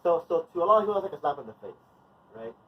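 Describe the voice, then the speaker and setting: A man's voice: fairly high pitch, very animated, racing. A man leading a movement and wellness class in a loose, conversational way, full of fillers and restarts. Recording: distant mic, dull sound, faint noise.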